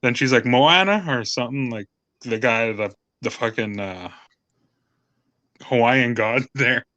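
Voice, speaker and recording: Bright-voiced man on a dry phone. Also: mid-range voice, steady tone, measured pace, no room sound, highs cut off. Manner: laughs often, short agreeable replies. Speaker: guest. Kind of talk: casual chat on a livestream.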